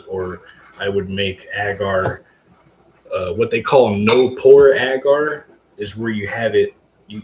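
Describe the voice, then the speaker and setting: A man hosting a casual live stream about growing mushrooms, rambling loosely with lots of fillers and the odd curse word. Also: on the low side. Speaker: livestream host, hobby mushroom grower. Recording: echoey room with faint ambient hum.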